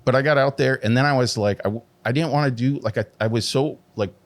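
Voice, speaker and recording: A middle-aged man, a tattoo artist guest, telling his story candidly and animatedly, full of swearing and "like" fillers. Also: quick pace. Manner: heavy swearing, constant "like" fillers; animated, pitch jumps when emphatic.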